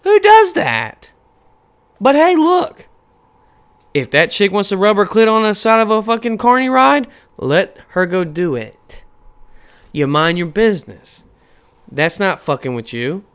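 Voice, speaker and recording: A man's voice: high voice, normal speed, clean tone. A man in his thirties ranting on a casual podcast, swearing freely and firing off rhetorical questions. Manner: profane, animated, rhetorical questions. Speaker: podcast host. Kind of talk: casual rant.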